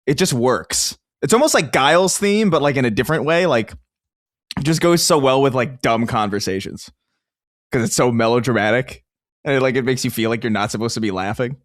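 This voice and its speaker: A man's voice: medium pitch, expressive, fairly quick, no echo. Rambling man, dry close podcast mic. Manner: rambling, lots of "like", laughs easily. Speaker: podcast co-host. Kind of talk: casual chat.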